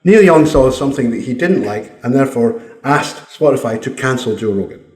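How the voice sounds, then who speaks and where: Scottish male commentator, combative and swearing, lively pitch, roomy echo. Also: fairly quick. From Scotland. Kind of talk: opinion monologue.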